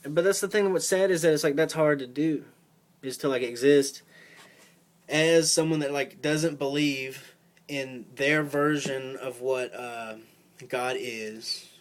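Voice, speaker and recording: A man's voice: medium pitch, steady tone, a little slow. A young man giving a casual, profane, rambling rant to camera, full of fillers and rising heat. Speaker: vlogger. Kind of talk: casual ranting monologue.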